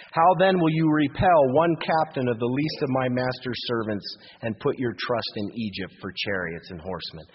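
A man's voice: medium pitch, husky. A male pastor teaching a Bible passage verse by verse, reading scripture aloud and then restating it in plain, everyday speech. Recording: muffled radio broadcast with long reverb.

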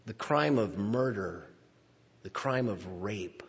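A man delivers a sermon at an unhurried pace, his voice slightly husky as he draws out the words he wants to land. The recording is muffled and dull, with a long reverb trailing off around a church sanctuary. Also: lowish voice, animated. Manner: slow deliberate preaching, drawn-out emphatic words. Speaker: pastor. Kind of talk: sermon reading and explaining scripture.

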